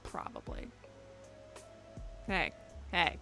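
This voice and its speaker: Young gal streaming from her room, rambly and jokey, swears a ton, kinda gravelly. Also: mid-range voice, lively intonation, moderate pace, soft background music. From United States. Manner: rambling, joking, swears a lot. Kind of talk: casual live-stream chat. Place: her bedroom.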